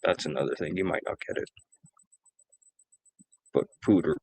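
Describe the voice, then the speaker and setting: A man with a somewhat low voice chats casually on a stream. He tells loose, wandering stories and swears freely along the way. The recording is dry and close. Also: normal speed, gravelly, darkish tone, no echo. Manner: rambling, profane storytelling. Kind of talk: casual chat.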